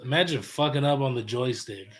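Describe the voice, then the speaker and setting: A man's voice: mid-range voice, a little fast, background noise. A man in his thirties, a father of young kids, telling crude, joking stories in casual podcast chat. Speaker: podcast co-host.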